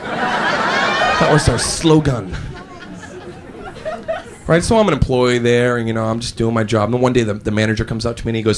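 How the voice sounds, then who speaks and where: A male stand-up comedian telling an animated story, acting out voices with big pitch jumps. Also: moderate pace, pauses often. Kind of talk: stand-up routine. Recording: live stage with loud crowd laughter. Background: audience laughing.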